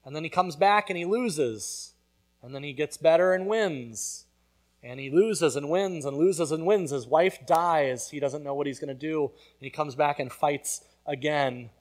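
Guy preaching, kinda high voice, chatty then punches lines hard. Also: unhurried. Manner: conversational, builds to loud emphatic peaks. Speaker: pastor. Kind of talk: sermon.

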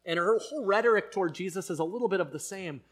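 A man's voice: high-pitched, quick pace, a bit bright. A man preaching a conversational sermon, telling the story casually with frequent fillers. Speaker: pastor.

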